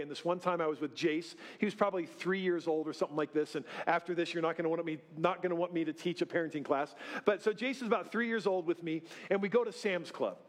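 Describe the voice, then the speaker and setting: A middle-aged man preaching in a church, telling self-deprecating stories in a folksy way and often checking in with "right?". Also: sits high. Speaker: pastor. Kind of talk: sermon. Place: church sanctuary.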